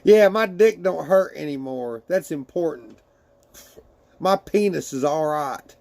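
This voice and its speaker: A man's voice: on the high side, expressive, measured pace, gravelly, a little mellow. A man casually chatting with his livestream viewers and reading their messages aloud, laughing often and swearing freely.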